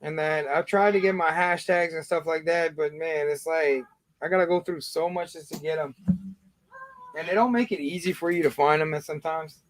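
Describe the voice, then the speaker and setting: Man in his 30s, livestream host, slightly higher voice, dry close sound, loose rambling chat. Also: moderate pace, no room sound. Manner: rambling, many fillers and restarts.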